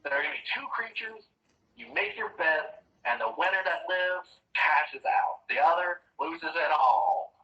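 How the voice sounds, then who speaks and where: A man voicing an excitable male goblin who runs an arena betting game, talking in eager huckster patter. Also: a little high, measured pace, voice pushed up. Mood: hustling. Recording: roomy, dull, distant mic.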